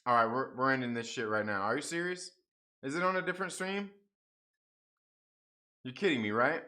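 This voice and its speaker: Reading viewer chat on his casual livestream, a young host swears and complains about a stream mix-up, sounding frustrated yet laughing it away. His mid-range voice is pushed and bright, moving at a moderate pace broken by long pauses.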